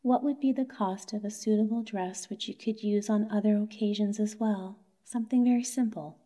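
A woman voicing an earnest young male clerk who pleads with his wife in a bedtime story, in a gently insistent manner. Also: medium pitch, steady tone, normal speed, lightly acted. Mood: coaxing.

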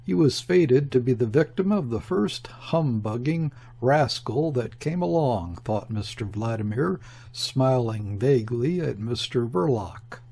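Man reading an old novel, really slow, husky gravelly voice. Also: mid-range voice, animated, darkish tone. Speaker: audiobook narrator.

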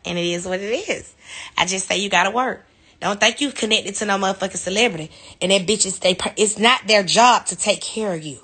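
A reality TV personality, heard in a clip, rants heatedly on a live stream in a medium-pitched, bright, forceful voice with a breathy edge. She talks briskly, bluntly and defiantly, swearing freely and laughing things off.

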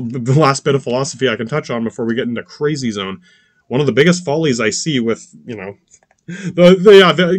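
A man's voice: mid-range voice, no room sound. A man hosting a podcast in a casual, profane rant, rambling with many restarts, asides and curses. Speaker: podcast host.

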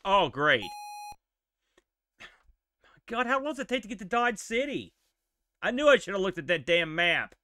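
A man giving casual, animated live-stream commentary while playing a retro game, exclaiming and joking at it. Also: high voice, moderate pace, pauses often, dry recording.

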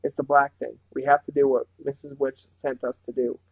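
A man's voice: mid-range voice, flat delivery, moderate pace, vocal fry, a little mellow, slightly rough, no room sound, poor audio. A man reading an earnest little boy. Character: small, serious, determined boy.

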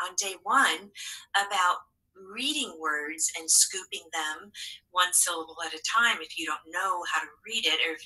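A woman's voice: mid-range voice, pushed and bright, breathy edge, rough recording. A woman teaching a phonics and spelling lesson to young children, encouraging and patient with sing-song prompts.

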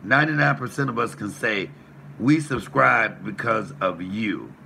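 A man's voice: on the low side, measured pace, vocal fry, pushed and bright, slight background noise. A man hosting his own livestream, cursing and confronting his chat with emphatic, repeated lines, then answering commenters. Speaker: YouTube livestream host. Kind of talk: heated livestream rant reading chat.

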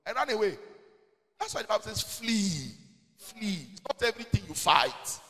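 Nigerian male pastor, high and very expressive delivery, emphatic preaching, long hall reverb. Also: quick pace, gravelly, soft background music. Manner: animated, emphatic, slipping into Pidgin asides. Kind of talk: preaching in a church Q&A. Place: church hall.

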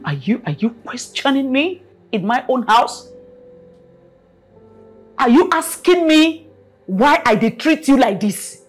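A domineering Nigerian matriarch with a high, husky voice that leaps up and down as she scolds. She speaks slowly and repeats herself in bursts, contemptuous of the girl in front of her. Faint music plays behind. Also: heavily acted. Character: domineering wealthy mother, scornful and stern. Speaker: mother of the house. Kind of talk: film drama acting.

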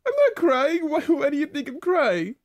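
A man voicing a panicky, whining male candy character in a comedy puppet sketch, pitched high and frantic. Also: very animated, takes it slowly, darkish tone, exaggerated voice. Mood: panicky whine.

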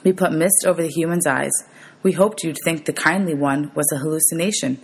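A woman's voice: deep voice, fairly quick, slightly rough. A woman reading aloud, voicing a nervous, touchy young male satyr who snaps back defensively. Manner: defensive, bleating retorts.

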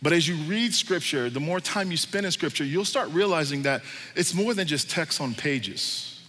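Casual, slangy male pastor preaching; bright voice, long echo of a church hall. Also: a little high, expressive, normal speed. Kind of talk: sermon.

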